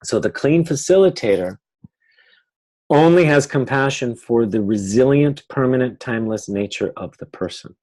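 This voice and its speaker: Male webinar teacher, mid-pitched, explanatory, mimics client pleas. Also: expressive, moderate pace, darkish tone, poor audio. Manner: explanatory, acts out clients' pleas in quoted voices.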